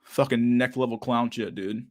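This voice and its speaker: A man's voice: medium pitch, fairly even intonation, moderate pace. Guy ranting on his podcast, swears nonstop, says dude a lot, laughs a lot. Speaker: podcast host. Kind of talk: casual ranting chat.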